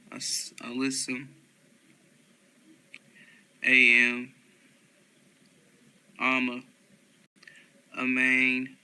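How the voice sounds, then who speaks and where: A man reading a long list of dictionary words aloud one by one, steady and unhurried, with small slips and corrections. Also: mid-range voice, smooth, poor audio.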